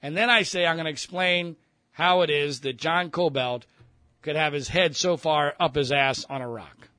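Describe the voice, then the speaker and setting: Male radio host, storyteller, sharp tone, slightly higher pitch, profane, lively. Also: normal speed, no echo. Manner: animated, profane, mimics others mid-story. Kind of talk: casual storytelling.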